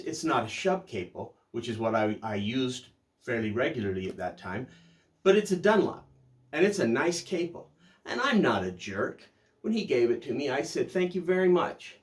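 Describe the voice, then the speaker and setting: An older man hosting a music channel, telling a personal story in a reflective, unhurried way, with pauses and restarts. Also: mid-range voice. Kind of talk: casual storytelling review.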